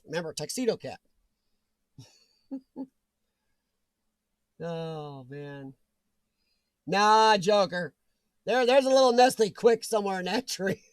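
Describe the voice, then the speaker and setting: A man's voice: high-pitched, vocal fry, dry recording. A man hosting a casual livestream, reading viewer comments aloud, joking and laughing often. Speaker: livestream host reading chat. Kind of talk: casual chat.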